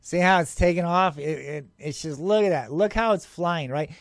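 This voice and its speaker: A man with a high voice hosts a UFO show and talks over his own footage in an excitable, rambling way. He laughs often and scoffs at doubters. The sound is dry and close. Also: moderate pace, no echo. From Arizona, USA.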